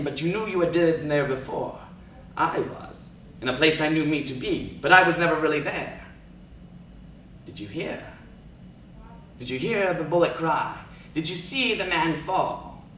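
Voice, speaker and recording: Male competitor, theatrical poetry reading, hushed to soaring, faint room hiss behind. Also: fairly high pitch. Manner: slow, dramatic, swings from hushed to loud. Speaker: speech and debate competitor. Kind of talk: dramatic oral interpretation of poetry. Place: large event hall. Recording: echoey hall recorded from far off.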